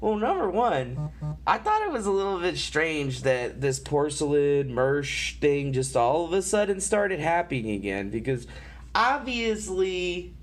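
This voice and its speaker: A man's voice: a little high, sing-song, unhurried, faint music behind. A man hosting an online show, complaining in an indignant, sarcastic way. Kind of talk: complaining commentary.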